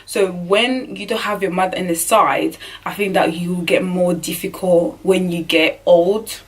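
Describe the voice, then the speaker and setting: A woman's voice: on the low side, steady tone, a little slow, recorded from a distance. Earnest young woman, rambling and emotional. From Burundi. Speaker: vlogger. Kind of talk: personal storytime vlog.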